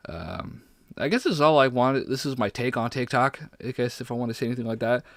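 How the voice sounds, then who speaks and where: A man's voice: medium pitch, brisk, no room sound, studio quality. Sick man rambling on a podcast. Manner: rambling, profane, full of restarts. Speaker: podcast host. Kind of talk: casual solo podcast rant.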